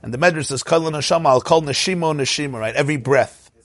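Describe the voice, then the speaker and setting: A man's voice: fairly high pitch, fast talker, no room sound. A man teaching an informal Torah class, telling stories, asking his listeners questions and chanting Hebrew verses.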